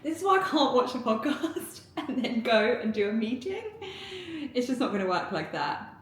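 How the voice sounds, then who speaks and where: A woman vlogging casually at home, excitable and giggly, rambling with lots of fillers. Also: on the high side, moderate pace. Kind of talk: casual vlog chat to camera. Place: indoors at home, getting ready. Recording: echoey room.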